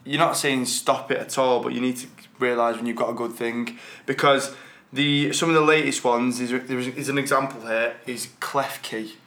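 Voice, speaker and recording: A man's voice: medium pitch, fairly even intonation, moderate pace, fairly bright tone. Man, casual podcast co-host, rambling delivery, echoey space. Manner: rambling, repeats words, chuckles often. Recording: roomy echo.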